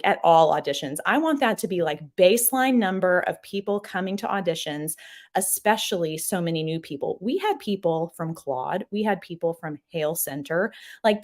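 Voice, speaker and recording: A young adult woman hosts a casual live stream from a small office. Her voice sits a little low, but she talks in a bubbly, gushing way and reads viewer comments aloud. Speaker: host.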